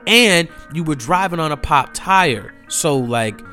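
A man's voice: fairly high pitch, a little slow, soft background music. A man telling a rambling, profane story in a casual monologue, acting out his friends' lines. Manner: animated, profane, mimics friends in quotes.

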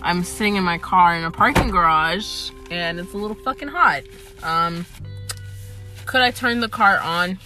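A young woman from Atlanta talks casually from inside her parked car, with a bright, forward voice. She swears freely and breaks into laughter often. Faint music plays underneath. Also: fairly low pitch, normal speed. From Atlanta, United States. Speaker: podcast host. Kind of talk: casual chat. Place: parked car in a parking garage.

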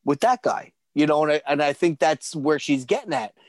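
A man in casual chat, halting and stammering with frequent swearing. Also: fairly high pitch, animated, dry recording.

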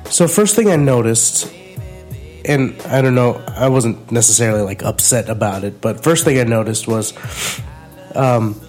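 A man co-hosting a music chart podcast in a casual, rambling chat, his voice sick and a bit hoarse. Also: medium pitch, moderate pace, darkish tone. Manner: rambling, hesitant, jokey. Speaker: podcast co-host.

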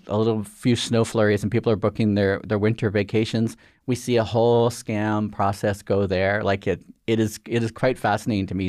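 A middle-aged Canadian regulator official, appearing as a guest in a conversational interview, speaks earnestly and rambles with lots of fillers. His voice is lowish with a darkish tone. The studio sound is clean, with no room sound.

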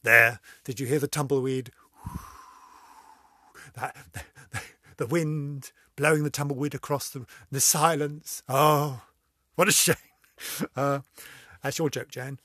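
A woman's voice: very deep voice, steady tone, slow pace, long pauses, a bit bright, husky, no echo, clean studio sound. An older woman hosting a casual vlog, telling corny jokes and giggling at them herself. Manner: giggly, laughs at her own jokes, self-mocking. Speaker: vlog host.

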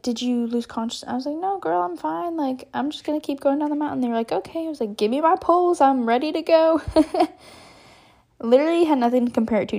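A young woman from Texas telling a personal story on her podcast in a chatty, animated way, full of fillers and little laughs. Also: on the high side. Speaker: podcast host. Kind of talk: casual storytelling.

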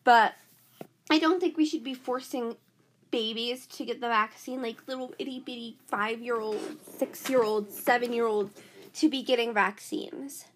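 A woman's voice: on the high side, steady tone, normal speed, a bit bright, a little hiss or hum. A woman hosting her own podcast, talking in a chatty valley-girl way full of "like". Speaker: podcast host. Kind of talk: casual podcast monologue.

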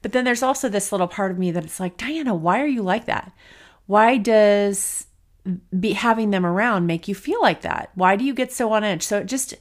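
A woman's voice: mid-range voice, moderate pace. A woman in her forties hosting her own podcast, talking candidly and emotionally while trying not to cry. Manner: candid, emotional, thinking aloud. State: near tears. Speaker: podcast host. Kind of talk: personal solo podcast talk.

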